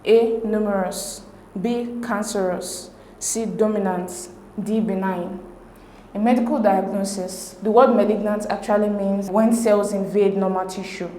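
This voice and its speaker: Mellow-voiced woman tutoring, echoey room. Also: medium pitch, unhurried, a little hiss or hum. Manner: steady, methodical explaining. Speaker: exam tutor. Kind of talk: explaining exam questions.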